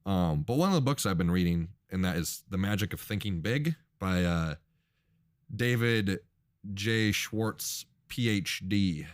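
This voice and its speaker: A man's voice: deep voice, expressive, measured pace, dry recording, studio quality. A man in his twenties co-hosting a podcast in casual chat, rambling with lots of fillers and restarts. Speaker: podcast co-host.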